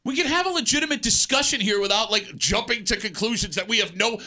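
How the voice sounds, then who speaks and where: Animated, bright-voiced male radio host. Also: high voice, quick pace, no room sound. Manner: animated, teasing, leads the discussion. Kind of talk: casual morning radio banter. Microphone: studio microphone.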